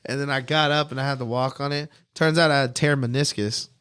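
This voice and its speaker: A man's voice: medium pitch, fairly even intonation, fairly quick, a bit bright, clear, resonant tone. Young male podcast host, loose and profane, mid-range voice, laughs easily. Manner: swearing storyteller, laughs often. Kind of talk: casual chat.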